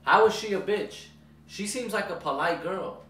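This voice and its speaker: A man's voice: high voice, expressive, moderate pace, a bit bright, slight background noise. An actor playing an exasperated man who lectures a younger relative to get his life together and mentions his own son, in a short film. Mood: lecturing. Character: exasperated older brother figure, father of a son. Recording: roomy echo, distant mic.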